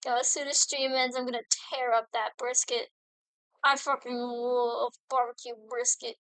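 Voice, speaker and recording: Young woman streamer, high and bright, rambling happily while gaming, dry close sound. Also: level tone, normal speed, smooth, no echo, poor audio. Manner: giddy, rambling, talks to herself while playing. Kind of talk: casual gaming stream chat.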